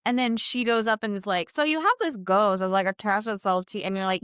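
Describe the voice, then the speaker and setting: Woman podcast guest, storyteller, lively quoting voice, dry close mic. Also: fairly quick, few pauses, clean tone, no room sound. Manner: animated, voices quotes in a high excited pitch. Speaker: podcast guest, spiritual healer. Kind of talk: casual storytelling.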